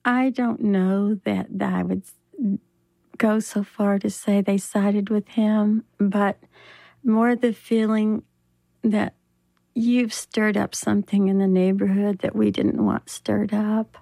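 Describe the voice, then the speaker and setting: Older Southern woman, unhurried, gravelly, dry close recording. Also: mid-range voice, flat delivery, mellow, no echo. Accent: Southern American. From American South. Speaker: interviewee. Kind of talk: recounting a personal story in an interview.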